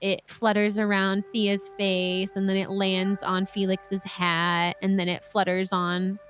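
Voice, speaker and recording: A woman's voice: mid-range voice, slow, soft background music. Woman narrating as dungeon master. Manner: relaxed, descriptive storytelling with casual fillers. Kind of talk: narrating a tabletop game.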